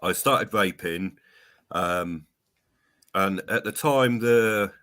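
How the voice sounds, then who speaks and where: A guest speaking slowly and haltingly, pausing with ums as he answers. His voice sits a little low. His tone is bright and tense. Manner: hesitant, lots of ums. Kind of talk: casual interview answers.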